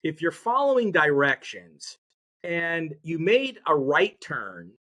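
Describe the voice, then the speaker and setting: A man talking as a podcast guest in an energetic, motivational way, drawing the audience in. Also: on the high side, slow pace. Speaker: podcast guest, mindset educator. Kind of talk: conversational interview.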